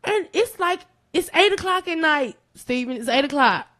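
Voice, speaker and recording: A woman, guest on a podcast, telling a long story in an excitable, animated way. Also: normal speed. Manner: animated, excitable storytelling with big pitch jumps and profanity. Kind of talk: storytelling in casual chat.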